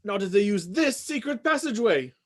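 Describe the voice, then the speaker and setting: Reader as frantic butler, hurried recap, pitch leaps all over; live script reading. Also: big pitch swings. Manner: hurried, breathless recap with sudden yelps. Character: frantic male butler explaining a murder.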